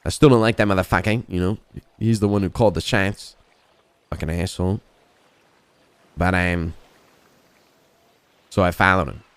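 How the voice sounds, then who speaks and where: A man's voice: low voice, fairly even intonation, normal speed, long pauses, clean tone, no echo. A man talking in character during a roleplay game, rambling and swearing, padding his lines with "you know what I mean.". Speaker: roleplay gamer.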